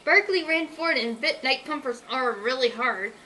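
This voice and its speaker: A woman reading a children's story aloud with an expressive, animated delivery. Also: sits high, moderate pace, low-quality recording.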